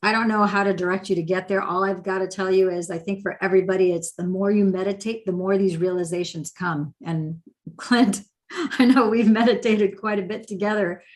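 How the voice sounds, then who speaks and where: Animated woman teaching meditation. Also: mid-range voice, fairly quick. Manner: animated, acts out inner dialogue in quotes. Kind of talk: casual spoken teaching.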